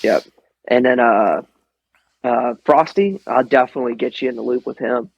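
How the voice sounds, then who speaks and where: A man from the American Midwest, a guest on a podcast, telling animated airsoft stories in casual chat, swearing freely and laughing often. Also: medium pitch, normal speed, vocal fry, slightly rough, no echo, lo-fi sound.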